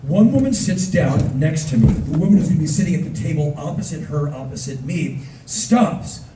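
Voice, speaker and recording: A man in his fifties telling stories on stage, animated and acting out voices with sudden shouts. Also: on the high side, moderate pace, noisy background. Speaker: spoken word performer. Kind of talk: live spoken word storytelling. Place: concert hall stage. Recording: echoey hall recorded from far off.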